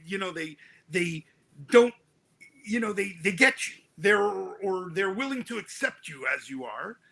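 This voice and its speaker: Husky high-voiced man, halting guest. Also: bright, forceful tone. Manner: halting, restarts phrases, emotional. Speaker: author guest. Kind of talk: reflective interview talk.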